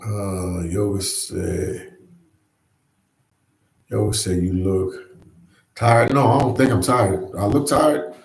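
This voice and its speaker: Casting: laid-back male livestream host, lowish voice, echoey room, chats loosely with viewers. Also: animated, slow pace, pauses often, darkish tone. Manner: easygoing, repeats phrases, says "man" often. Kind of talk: casual live chat. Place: New York.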